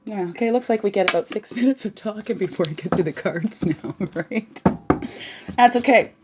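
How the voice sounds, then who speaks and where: A woman giving a casual spiritual talk while reading oracle cards, bubbly and chatty, often tagging on "right?" and slipping into soft, hushed asides. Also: medium pitch, moderate pace, noisy background. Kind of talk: casual spiritual teaching monologue.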